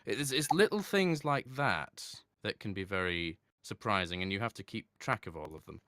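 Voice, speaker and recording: A man, a voice actor chatting in an interview, reflective and quick to laugh. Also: lowish voice, expressive, pushed and bright, no echo, clean studio sound. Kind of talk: casual interview talk.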